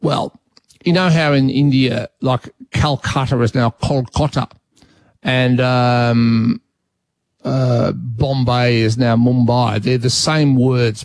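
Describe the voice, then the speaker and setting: A man's voice: mid-range voice, a little mellow. Chatty Australian male radio host. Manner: chatty, thinks aloud with restarts. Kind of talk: casual talkback chat. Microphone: studio mic.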